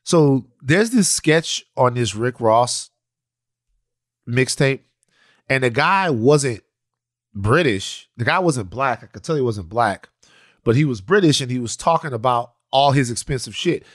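A man co-hosting a podcast, chatting casually, rambling with halting restarts. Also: mid-range voice, lively intonation, a bit bright, dry recording, studio quality. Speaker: podcast co-host. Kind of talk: casual chat.

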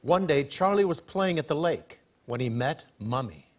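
A man reading out the stage directions for a comic sketch in a TV studio, steady and plain. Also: fairly high pitch, normal speed. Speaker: announcer and show regular. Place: TV studio with audience. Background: studio audience and music.

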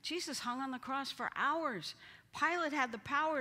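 A woman's voice: high voice, moderate pace, sharp tone. A woman teaching a Bible study, acting out the quoted lines with dramatic emphasis. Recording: hall reverb.

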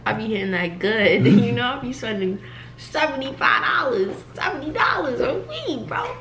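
A woman's voice: fairly high pitch, very animated, measured pace, fairly bright tone, echoey room, distant mic, slight background noise. Laid-back young woman vlogging at home. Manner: laid-back, laughing, slangy. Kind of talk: casual vlog chat.

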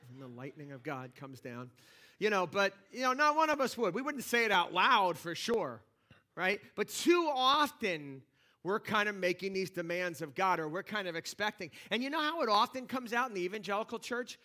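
A pastor preaches in a church sanctuary with a high, expressive voice, bright and forceful, at a moderate pace. He talks conversationally, restarting often as his energy rises.

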